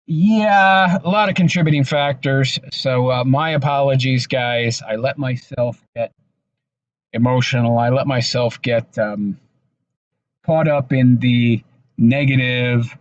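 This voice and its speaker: Tired man, halting vlog monologue from his car, close dry sound, slightly dull audio. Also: medium pitch, no room sound. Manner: halting, subdued, with many restarts and fillers. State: exhausted. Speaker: vlogger. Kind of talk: casual personal vlog monologue.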